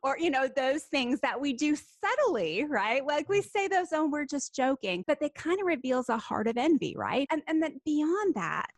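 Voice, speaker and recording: A middle-aged American woman speaking as a guest on a Christian talk show, animated, often tagging her points with "right?" and slowing down for emphasis. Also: high voice, no room sound. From United States.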